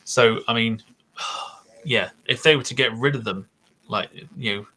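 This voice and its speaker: A man's voice: mid-range voice, a little slow, pushed and bright, rough recording. A man hosting a podcast, thinking aloud in casual chat with many hesitations. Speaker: podcast host.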